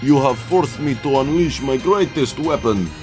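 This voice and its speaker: A man's voice: mid-range voice, normal speed, music in the background, pitched above the performer's own voice, lightly acted. A man voicing a hulking blue monster, speaking in broken English with a put-on Russian accent and a blunt, menacing manner.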